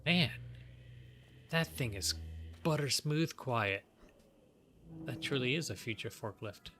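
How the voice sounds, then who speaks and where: A man's voice: medium pitch, lively intonation, slow, noisy background. A man giving casual, joking commentary while playing a game, talking back to the characters. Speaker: let's play host.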